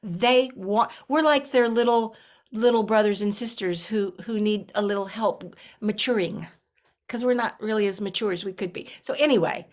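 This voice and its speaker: A middle-aged woman, a guest in an interview, telling a personal story with lively voices for the people in it and many restarts. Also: medium pitch, moderate pace. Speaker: herbalist guest.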